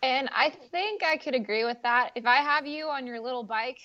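A woman's voice: sits high, normal speed, sharp tone, highs cut off. A woman guest on a podcast, chatting casually and laughing often. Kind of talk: casual chat.

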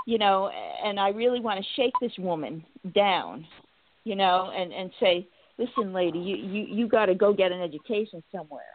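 A woman's voice: mid-range voice, no room sound. Woman on a tinny phone-like line. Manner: halting, many restarts and fillers; animated storytelling, acts out quotes. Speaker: talk show host. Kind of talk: casual political talk.

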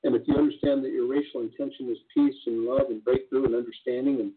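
A man's voice: mid-range voice, little pitch movement, fast talker, husky. A man speaking earnestly in casual conversation, often restarting his sentences. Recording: tinny phone-like line.

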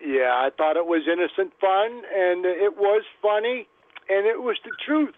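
A man's voice: high voice, moderate pace, slight background noise. A man co-hosting a casual radio show with easygoing short replies. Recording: tinny phone line, dry.

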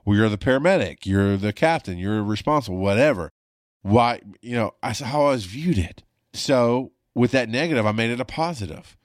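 This man, a former paramedic with his own podcast, speaks at a moderate pace in an animated mid-range voice. His casual monologue of stories is blunt, profane and meandering, recorded in a studio with no echo.

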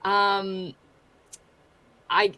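A woman's voice: medium pitch, level tone, very slow, bright, forceful tone. Woman, Pittsburgh accent, interview guest, friendly, reflective, casual. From Pittsburgh, USA. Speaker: guest, YouTuber.

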